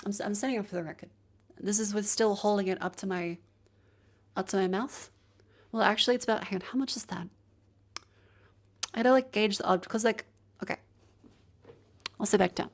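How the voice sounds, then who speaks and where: A chatty woman streamer talks her way through a microphone test with a handheld mic, moving it nearer and farther from her mouth. Her voice sits at an ordinary middle pitch for a woman, and she narrates each step casually, as if to a live chat. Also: fairly even intonation, brisk, long pauses. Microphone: handheld mic moved to different distances.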